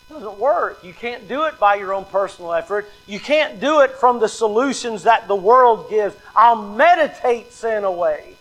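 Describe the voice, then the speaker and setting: A man's voice: sits high, fairly bright tone, poor audio. A man preaching a sermon as pastor, emphatic and repetitive, acting out the excuses people make. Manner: emphatic, repeats key lines, acts out quoted excuses.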